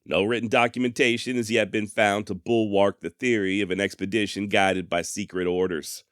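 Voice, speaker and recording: This history podcast host keeps his narration casual, mocking himself with a dry, sarcastic, folksy humor. He speaks in a lowish, steady voice at moderate pace, clear, resonant, and fairly bright, captured in a dry studio-quality recording.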